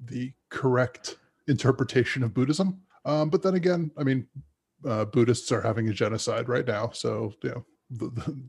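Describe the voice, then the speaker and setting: A man's voice: mid-range voice, moderate pace, creaky, a little mellow, husky. A man casually discussing a film with friends on a podcast, rambling with frequent restarts. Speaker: podcast co-host.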